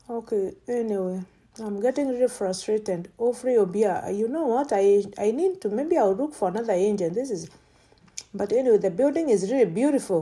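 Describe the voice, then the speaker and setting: Chatty woman with a mellow, higher voice. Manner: chatty, thinks aloud, frequent exclamations of delight. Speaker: vlogger. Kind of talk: casual running commentary.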